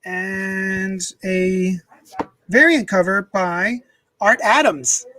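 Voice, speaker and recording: A man's voice: high-pitched, extremely slow, bright, forceful tone, no room sound, low-quality recording. A man casually chatting on a live stream from his home desk, rambling and reading viewer comments aloud into a desk microphone. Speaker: comics unboxing streamer.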